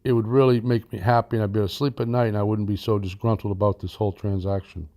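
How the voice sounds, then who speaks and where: A man voicing an upset retired older man who feels cheated on a land sale, talking haltingly and repeating himself. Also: lowish voice, flat delivery, dark tone, lightly acted. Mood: aggrieved.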